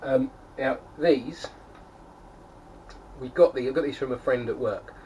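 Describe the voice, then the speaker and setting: A man's voice: medium pitch, measured pace, a little mellow. Chatty man, set back from the mic. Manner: rambling, lots of fillers and restarts, chatty. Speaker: homebrewing vlogger. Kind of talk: casual chat to camera. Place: home, beside his kegerator. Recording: distant mic, faint background noise.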